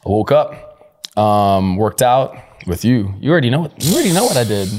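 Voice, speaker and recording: A man's voice: medium pitch, sing-song, normal speed, darkish tone, a little hiss or hum. A young man co-hosting a casual podcast, laughing and ribbing his friends. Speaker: podcast co-host. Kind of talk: casual banter.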